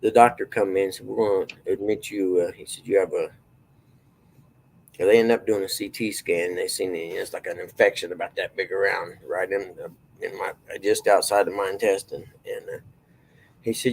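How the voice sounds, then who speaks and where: A middle-aged man, talking in a gravelly, somewhat low voice. He rambles through folksy personal stories in a loose, drawling way, trailing off and circling back as he goes. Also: steady tone, normal speed, a little mellow, rough recording. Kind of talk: casual storytelling chat.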